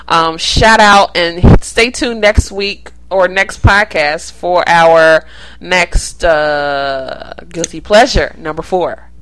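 A woman's voice: lowish voice, slow pace, fairly bright tone, smooth, poor audio. A woman co-hosting a podcast, chatting casually with opinions and frequent laughter. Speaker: podcast co-host.

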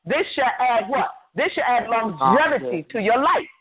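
An older woman preaches a fervent sermon by phone, her voice on the high side with big pitch swings and a moderate pace. The tinny line carries a noisy crowd behind her as she hammers points with emphatic repetition.

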